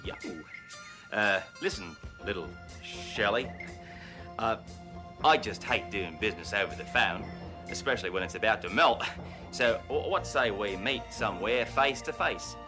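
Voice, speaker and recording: An actor playing a cop who poses as a boastful, brash rich Australian car dealer, with a hammy put-on Australian accent and heavy slang. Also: male voice, fairly low pitch, animated, a little slow, over music. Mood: flirty. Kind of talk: 1980s sitcom acting.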